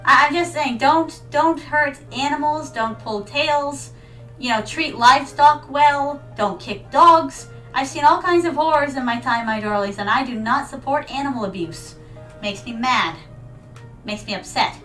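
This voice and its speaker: A woman's voice: high-pitched, unhurried, a bit bright, far from the mic, rough recording. A woman streaming a video game, chatting playfully with her viewers, with giggles and dramatic yelps. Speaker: VTuber streamer. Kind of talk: casual gaming stream chat. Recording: mic set back, faint music behind.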